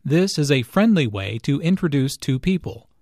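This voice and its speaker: A man giving slow, measured, scripted explanations in an English lesson. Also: a little high, big pitch swings, darkish tone, dry recording, studio quality. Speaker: English teacher. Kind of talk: scripted language-lesson narration.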